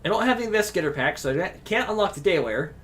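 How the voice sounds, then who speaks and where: A man's voice: high voice, expressive, fast talker, fairly bright tone. A man streaming a video game in casual, rambling commentary, chatting to his cat between moves. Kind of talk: casual let's-play commentary.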